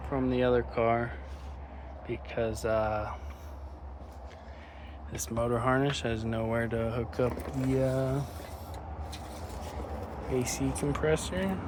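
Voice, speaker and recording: A man filming his own mechanic work vlog, talking plainly and thinking aloud as he works outdoors in a yard. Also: mid-range voice. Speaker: mechanic vlogger. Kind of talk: casual self-filmed work vlog. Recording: noisy outdoor ambience.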